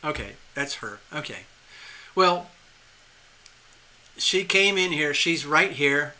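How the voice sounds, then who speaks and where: A man reading tarot live for a viewer, talking in a rambling, animated way with frequent restarts and chuckles. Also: fairly high pitch, slow, slight background noise. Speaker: tarot reader hosting a live stream.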